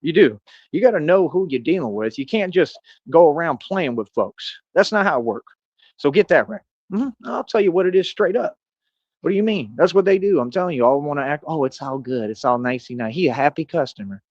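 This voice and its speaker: A man's voice: a little high, sing-song, a little fast, a little mellow, no room sound. Man, 30s, streamer, combative bragging rant, dull lo-fi dry audio. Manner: boastful, confrontational ranting. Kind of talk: rambling livestream monologue.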